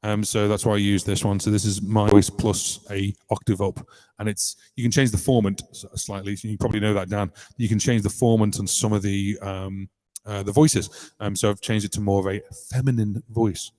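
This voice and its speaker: A somewhat low-voiced man from the United Kingdom walks through his loop pedal presets in a relaxed live-stream chat. He talks hesitantly with lots of filler pauses, and a long reverb trails behind his voice. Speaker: musician demonstrating a loop pedal. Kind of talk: casual live-stream demo.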